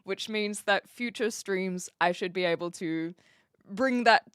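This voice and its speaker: A woman's voice: mid-range voice, unhurried, fairly bright tone, clear, resonant tone, dry recording, clean studio sound. A woman from New Zealand with a mixed New Zealand, Australian and American accent, chatting casually and giggly as a live streamer with lots of fillers. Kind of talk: casual chat.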